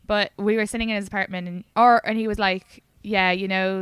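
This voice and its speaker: A woman's voice: medium pitch, steady tone, brisk, few pauses, clear, resonant tone, no room sound. A woman telling a story casually as a podcast guest, with lots of "like". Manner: chatty, lots of "like".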